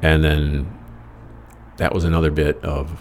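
A man's voice: a bass voice, little pitch movement, a little slow, slight background noise. An American man telling a rambling travel story in a wry, profane, self-mocking way. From United States. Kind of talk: casual personal storytelling.

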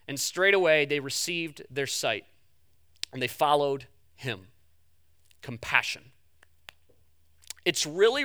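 A man with a high, bright and crisp voice delivers a sermon from the pulpit. He stutters on repeated words, races through asides and then slows to a stretched, emphatic delivery. The sound is close and dry. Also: dry recording. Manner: repeats words in quick restarts; swings between fast asides and slow emphatic lines. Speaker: pastor.

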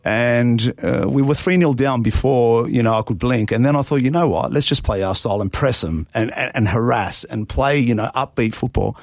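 Gravelly Australian man, coach. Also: mid-range voice, normal speed, hardly any pauses, dry recording, clean studio sound. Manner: earnest, explains with match examples. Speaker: junior football coach. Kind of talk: casual radio interview.

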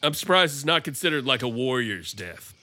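Man, comedy podcast co-host, casual musing banter, halting, bright tone. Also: medium pitch, sing-song. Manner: musing, halting with many fillers.

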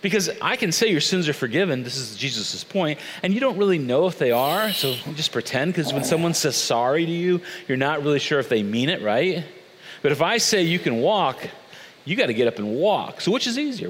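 A man preaching a sermon as a pastor, telling the story in a conversational, animated way with casual asides. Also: fairly high pitch. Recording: long reverb of a large hall.

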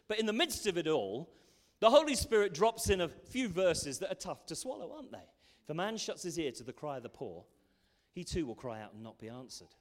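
Male pastor, sermon, fairly high voice, passionate and emphatic, reverberant church hall. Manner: impassioned, rising to loud emphatic peaks.

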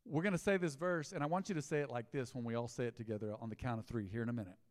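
A man preaching a sermon in his church, telling a story with lively swings between loud exclaims and hushed asides. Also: mid-range voice, rapid-fire, long reverb tail. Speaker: pastor. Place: church sanctuary.

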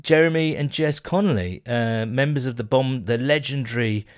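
A man's voice: mid-range voice, moderate pace. Chatty man co-hosting a podcast. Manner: chatty, joking banter. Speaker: podcast co-host. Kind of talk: casual podcast chat.

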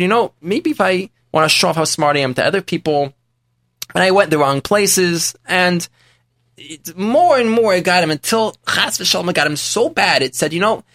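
A man's voice: high-pitched, lively intonation, a little fast, a bit bright, no room sound, studio quality, pitched above the performer's own voice. A man voicing a repentant rich old man. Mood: confessional. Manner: earnest, confessional first-person telling. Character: repentant rich man, former priest, older.

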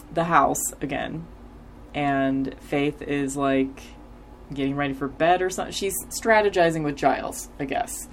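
A woman's voice: low voice, slight background noise. A woman in her forties casually recapping a TV episode as a podcast host, rambling with lots of filler words and easy laughs.

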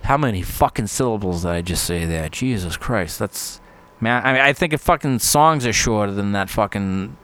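A man's voice: fairly low pitch, lively intonation, normal speed, fairly bright tone. Foul-mouthed rambling podcast host man. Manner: rambling, swears constantly, laughs often. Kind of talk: casual podcast monologue.

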